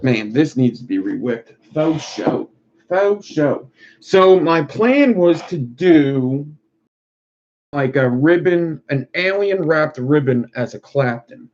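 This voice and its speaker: A man's voice: fairly high pitch, animated, takes it slowly, darkish tone. A man chatting casually on a live stream while he builds, rambling and profane. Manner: rambling, profane, laid-back. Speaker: streamer making wire art. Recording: lo-fi muffled recording.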